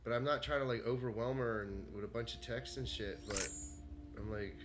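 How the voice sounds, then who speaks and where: A man streaming from home, ranting furiously with constant swearing, swinging from shouting to low muttering. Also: steady tone, fairly quick, over music. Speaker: gaming streamer. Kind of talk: angry rant while streaming. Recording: echoey room with faint background noise.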